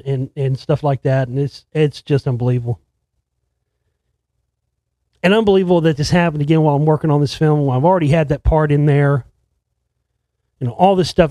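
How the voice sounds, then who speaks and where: Man, fairly high voice, dry recording, casual, profane, rambling anecdote. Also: warm tone, dry recording. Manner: profane, rambling, with many restarts. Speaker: filmmaker telling a story. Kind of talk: casual storytelling.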